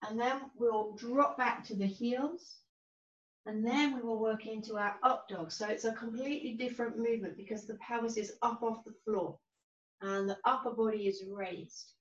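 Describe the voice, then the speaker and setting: A woman teaching a yoga class, giving calm, gentle, unhurried cues. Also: a little high. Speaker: yoga instructor. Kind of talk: guided yoga class instruction. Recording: roomy, distant, dull-sounding recording.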